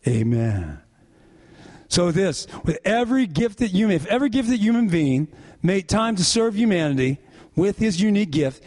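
A male pastor preaching a sermon, leading the congregation in call-and-response. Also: a little mellow. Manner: call-and-response preaching, rising and falling in pitch.

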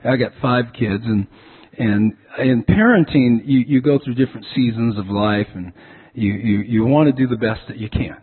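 A man's voice: mid-range voice, normal speed, husky. A man preaching a sermon as a pastor, telling stories and often repeating words as he restarts. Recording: tinny phone-like sound.

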